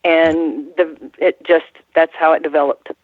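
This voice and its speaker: A woman's voice: low voice, level tone, unhurried, no echo. Woman in her sixties on a tinny phone line. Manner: rambling, restarts often, laughs while telling stories. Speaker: guest, former wrestling ring announcer. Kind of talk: casual interview storytelling. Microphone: phone call.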